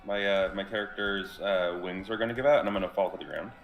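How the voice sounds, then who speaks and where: A man's voice: low-pitched, quick pace, lo-fi sound. A man playing in a tabletop game who speaks hesitantly and stumbles over his words. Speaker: player. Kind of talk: tabletop role-play. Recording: echoey room.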